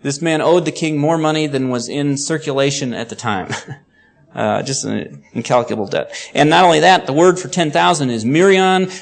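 A man's voice: on the high side, moderate pace, creaky. A man preaching, explaining a passage of scripture and reading it aloud with rising emphasis. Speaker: pastor. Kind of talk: sermon.

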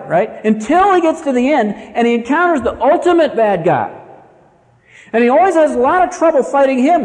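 Animated preacher in a reverberant hall. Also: male voice, very high-pitched. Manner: animated, dramatic storytelling with acted-out quotes. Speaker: pastor. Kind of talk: sermon.

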